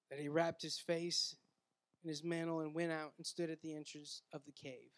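High-voiced preaching pastor, loud then hushed. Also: male voice, flat delivery, moderate pace. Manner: dynamic preaching, swinging from loud scripture reading to hushed asides; conversational, with fillers like "right?" and "man". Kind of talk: sermon.

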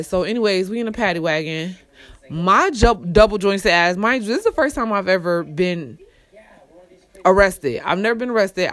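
Young woman, storytime rant, blunt and profane, loud bursts between low grumbles. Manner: blunt, heavy swearing, swings from low mutters to loud outbursts. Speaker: storyteller vlogger.

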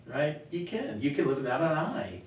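Male pastor, earnest, storytelling, very echoey room, faint rumble. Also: very animated, moderate pace, recorded from a distance. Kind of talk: conversational Q&A teaching.

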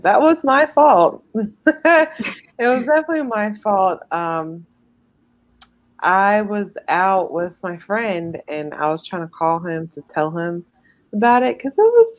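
A young woman co-hosting a casual podcast chat, telling stories in an animated way and swearing freely. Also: fairly low pitch. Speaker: podcast co-host.

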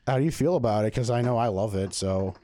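A man's voice: fairly low pitch, fast, mellow. A man co-hosting a beer tasting podcast, chatting casually, joking and swearing, laughing often. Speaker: podcast co-host. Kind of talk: casual chat tasting beers.

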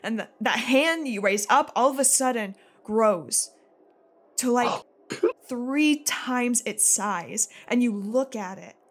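A woman's voice: on the high side, animated, slow pace. A woman narrating a tabletop role-playing game as game master, casual and laughing often.

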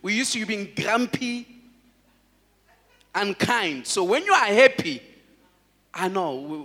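A man, a pastor, preaching a sermon in an animated way, laughing often and calling out to his congregation. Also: high-pitched, slow, long pauses, big-room sound.

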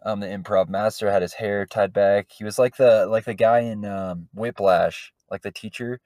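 A man's voice: on the low side, steady tone, normal speed, darkish tone, dry recording. A man co-hosting a podcast, telling a rambling story in casual chat, full of fillers. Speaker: podcast co-host. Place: podcast studio.

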